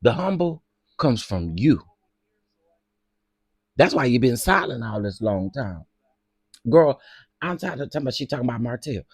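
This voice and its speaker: A man hosting a casual gossip commentary, sassy and dramatic, who often bursts into loud laughter. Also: medium pitch, very animated, moderate pace, long pauses, slightly rough, no echo.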